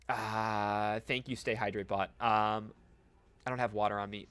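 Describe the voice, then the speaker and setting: Bright-voiced streamer muttering wry asides. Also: male voice, fairly low pitch, flat delivery, measured pace, clean tone. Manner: casual, wry asides to chat. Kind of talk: live game stream, reading dialogue aloud.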